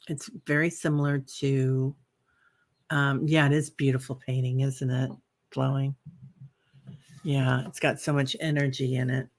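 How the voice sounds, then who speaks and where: A woman hosting a live meditation stream. She chats with viewers, reads out their comments with plenty of fillers, and guides the breathing with soft, slow cues. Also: very deep voice. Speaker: meditation host.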